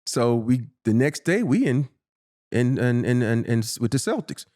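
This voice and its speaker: A man in his fifties sits for a relaxed interview and tells stories with animated, profane energy. His voice sits in an ordinary middle pitch, and he often breaks into laughter as he acts out old exchanges. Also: normal speed. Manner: animated, profane storytelling, acting out quotes with laughter. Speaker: interview guest, former pro basketball player. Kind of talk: casual storytelling in a podcast sit-down.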